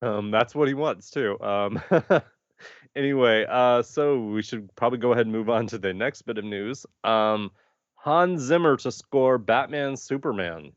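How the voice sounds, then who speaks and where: A man co-hosting a podcast in casual chat, animated and quick to laugh, often restarting his sentences. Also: medium pitch, dry recording, dull audio. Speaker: podcast co-host.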